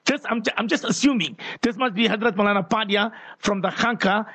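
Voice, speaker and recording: A man hosts a live call-in radio show in a strikingly high, husky voice. He speaks with fervent emotion and often breaks into prayers for his listeners. The studio sound is close and dry. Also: brisk, a bit bright, no room sound. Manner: emotional, fervent, prays aloud.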